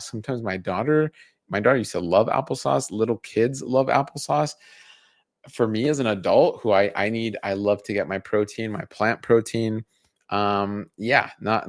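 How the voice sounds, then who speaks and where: Low-voiced man, conversational dietitian. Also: dry recording, clean studio sound. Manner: conversational, restarts and fillers, enumerating points. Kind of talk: casual educational talk.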